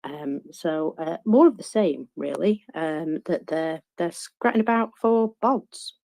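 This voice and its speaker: A man's voice: fairly high pitch, slow pace, gravelly, darkish tone. A man reading a defence update aloud in a casual online discussion, with hesitant fillers between passages. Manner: reads steadily with hesitant fillers. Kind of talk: casual discussion and read-out report.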